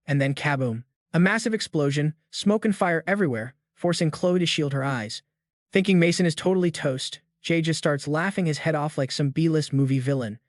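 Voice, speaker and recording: A man's voice: on the high side, normal speed, dry recording, studio quality. A man narrating a story recap in a scripted, slang-heavy style with jokey asides.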